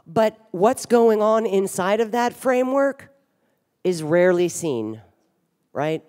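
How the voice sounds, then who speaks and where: Woman, 50s, mid pitch, candid and wryly funny, blunt swearing, stage mic in a reverberant ballroom. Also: expressive, slow pace, a little mellow. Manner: frank, wry and humorous, with blunt swearing. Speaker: speaker at a recovery conference. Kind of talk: candid personal talk on stage. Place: large hotel ballroom stage.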